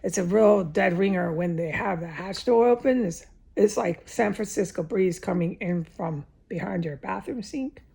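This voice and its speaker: A woman delivers a rambling first-person vlog monologue, swearing freely and breaking off to restart her sentences. Her voice is heavily gravelly with a husky, breathy edge, and sits at a middling pitch. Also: normal speed, dark tone. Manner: rambling, profane, restarts often.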